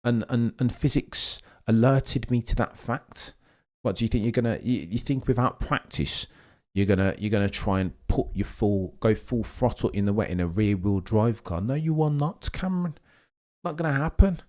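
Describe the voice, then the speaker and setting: This is a young man with a low, deep voice, hosting a live race watchalong stream. He talks in an excitable, rambling way and keeps reading out comments from his chat. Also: normal speed.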